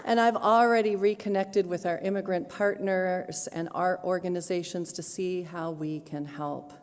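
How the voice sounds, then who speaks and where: A woman minister giving a sermon to her congregation, earnest and pastoral with touches of gentle humor. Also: on the low side, fairly even intonation, moderate pace, a little hiss or hum. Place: church sanctuary. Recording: long hall reverb.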